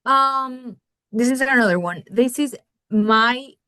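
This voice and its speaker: A woman's voice: on the high side, slow pace, sharp tone, dry recording. A woman from Colombia on a team call, asking for advice in a hesitant way with many fillers. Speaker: team member asking a question.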